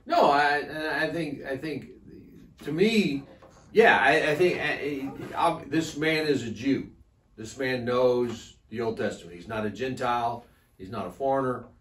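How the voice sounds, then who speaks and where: A man co-leading a church Bible study thinks aloud in a conversational teaching style, often opening his thoughts with a repeated "I think." His voice is mid-range and fairly bright, and his pace is a little slow. The mic is distant and the room is echoey.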